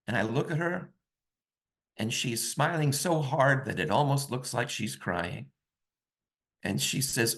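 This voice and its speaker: A man telling a personal story over a video call, in a slow, reflective and intimate way. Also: medium pitch, creaky, a bit bright.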